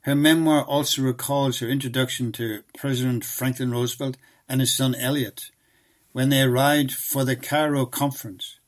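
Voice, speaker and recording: A man reads documentary narration from a script. His delivery is measured and even, and his voice sits at an ordinary middle pitch for a man.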